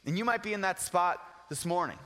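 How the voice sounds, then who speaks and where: Bright-voiced young preacher in a big hall. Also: male voice, high-pitched, lively intonation, a little fast. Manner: casual, earnest preaching with slang and repeats. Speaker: pastor. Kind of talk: sermon. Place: church sanctuary. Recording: long hall reverb.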